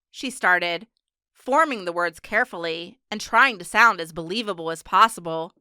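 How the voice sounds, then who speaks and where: A woman reads an audiobook aloud in a steady, measured way. Her voice is bright and crisp, and the recording is close and completely dry. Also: lowish voice, dry recording. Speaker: audiobook narrator. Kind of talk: scripted narration.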